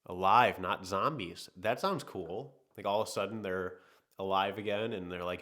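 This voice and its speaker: A man hosting a casual livestream podcast, reading viewer comments aloud and thinking out loud in a rambling, hedging way. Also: sits low, moderate pace. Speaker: podcast host reading live chat.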